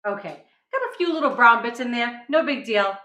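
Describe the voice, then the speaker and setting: A woman's voice: fairly high pitch, expressive, fairly quick, bright, forceful tone, roomy sound, rough recording. A middle-aged woman from New England hosting a casual cooking demonstration, chatty and upbeat, often checking in with "right?". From New England, USA. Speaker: cooking show host. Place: home kitchen.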